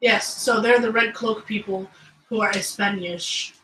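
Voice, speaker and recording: A woman playing a tabletop role-playing game, joking and animated. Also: mid-range voice, measured pace, far from the mic. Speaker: player. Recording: echoey room.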